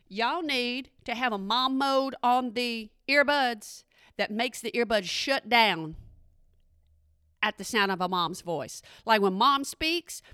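Casting: middle-aged woman, playful chat host, bright and fairly high, dry close sound. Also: clear, resonant tone, no room sound. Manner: chatty, playful, asks the audience questions. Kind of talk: casual comedic talk to an audience.

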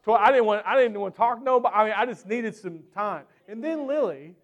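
A man preaching a sermon who tells a personal story in an animated, chatty way with lots of fillers, then closes in prayer. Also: high-pitched, fast talker, highs cut off.

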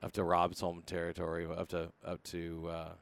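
A man hosting a casual podcast, talking in a rambling, joking way. His voice sits fairly low, and he keeps stopping to restart his sentences. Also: monotone, moderate pace, vocal fry, smooth. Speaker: podcast host.

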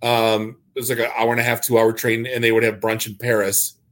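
Male podcast host, mid-pitched voice, quick with jokes and lively anecdotes. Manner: jokey, animated storyteller. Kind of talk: casual chat.

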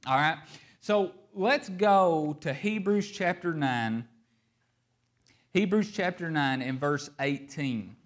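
A male pastor delivering a sermon with a slightly higher-than-average voice. He leans hard on key words, slowing down and speeding up, dropping low and then swelling louder to drive each point home. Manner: emphatic, varies pace and loudness, stresses key words.

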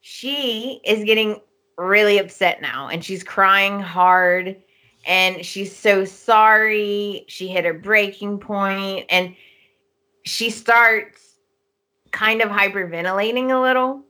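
A woman co-hosting a podcast, retelling a soap opera's plot at length in an animated, casual way. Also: mid-range voice, slow. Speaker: podcast co-host.

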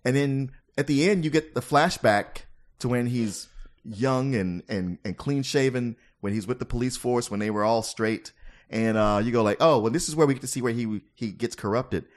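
A man's voice: mid-range voice, moderate pace. A middle-aged man, a guest film critic in casual podcast chat, talking in a rambling, hesitant way with many fillers and restarts.

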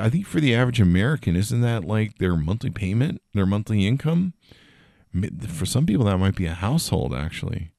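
Podcast host guy ranting about tech news, sarcastic and sweary, lowish voice that swings all over, dry close sound. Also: no echo. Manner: sarcastic, profane, ranting, laughs often. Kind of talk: solo tech news commentary.

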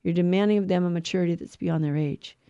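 A woman's voice: fairly low pitch, fairly even intonation, fast talker, mellow, clean tone, no echo, highs cut off. A middle-aged woman giving an earnest religious teaching talk on family life, stressing points by repeating words. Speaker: Catholic speaker on family life.

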